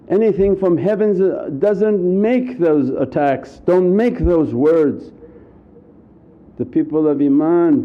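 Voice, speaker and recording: A man giving an earnest, repetitive Sufi sermon, sometimes acting out anxious inner voices. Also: high voice. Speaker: Sufi preacher. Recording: muffled lo-fi recording.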